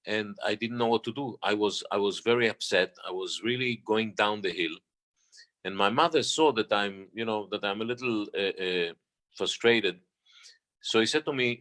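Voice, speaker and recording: Low-voiced man telling stories. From Israel. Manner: halting, restarts often, animated retelling. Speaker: guest, stage singer. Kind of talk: storytelling interview talk.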